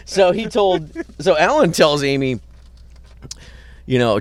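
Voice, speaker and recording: A man's voice: deep voice, sing-song, moderate pace, a little hiss or hum. A middle-aged man, a record producer, casually telling long anecdotes with lots of swearing and acted-out quotes. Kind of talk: casual storytelling. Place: hotel parking lot.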